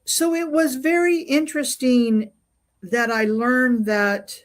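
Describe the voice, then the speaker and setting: An older woman, a guest being interviewed, tells a personal story in a halting way, often pausing on fillers and restarting her sentences. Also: high voice, fairly even intonation. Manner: halting, full of fillers and restarts while recounting. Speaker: interview guest, UFO investigator.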